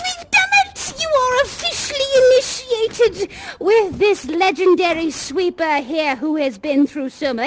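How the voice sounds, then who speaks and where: A woman's voice: high-pitched, noisy background. A woman playing a doting, eccentric female leader of a sweepers' union in a virtual reality game, leading a theatrical, solemn oath with pet names for everyone. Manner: solemn, ceremonial oath-giving.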